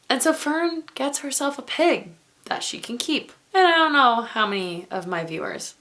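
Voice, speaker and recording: A woman's voice: sits high, animated, normal speed, pushed and bright. A woman who grew up on a farm gives a casual book review for her vlog, chatty and digressive with wry asides. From rural farm upbringing.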